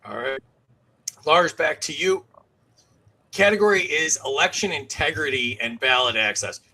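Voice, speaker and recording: Bright-voiced man hosting a panel. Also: on the high side, normal speed, poor audio. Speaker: game show host. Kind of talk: casual online panel show.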